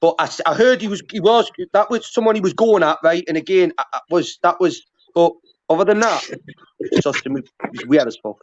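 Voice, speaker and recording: High-voiced man ranting on a livestream. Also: a little fast, noisy background. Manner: rambling, swears constantly, frequent restarts. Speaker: livestream panel guest. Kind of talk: heated casual livestream chat. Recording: muffled lo-fi stream audio.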